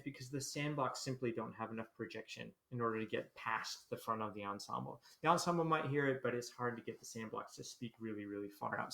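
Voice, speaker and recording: A man's voice: fairly high pitch, bright, forceful tone. A man leading a livestreamed conducting lesson, explaining the score, singing rhythms on syllables and greeting viewers. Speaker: military band conductor. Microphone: computer camera mic. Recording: roomy echo.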